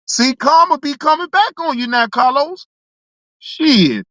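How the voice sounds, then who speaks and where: Excitable, laughing reaction host, bright dry tone. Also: high voice, unhurried, dry recording. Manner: excitable, laughs often, repeats words, exclaims; teasing, joking with chat viewers. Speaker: reaction channel host reading chat. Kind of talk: casual reaction commentary.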